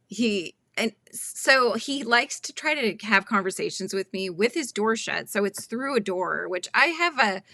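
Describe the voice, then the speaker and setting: Her voice is medium-pitched and sharp, with no room sound around it. She's a woman in her thirties hosting an easygoing crochet livestream, chatting, reading viewers' comments, and often laughing while acting out quotes.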